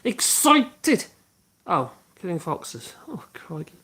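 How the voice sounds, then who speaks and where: A man's voice: sits high, sing-song, slow pace, bright, forceful tone, slightly rough. A man hosting a casual woodworking livestream, rambling and humming to himself as he works. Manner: rambling, hums to himself while working. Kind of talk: casual livestream chat while working.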